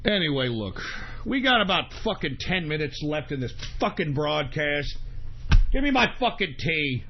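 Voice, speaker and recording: A man hosting a talk radio show, ranting in a profane, combative way that swings between shouting and grumbling. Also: fairly high pitch, sing-song, moderate pace, a little hiss or hum. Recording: dull lo-fi sound.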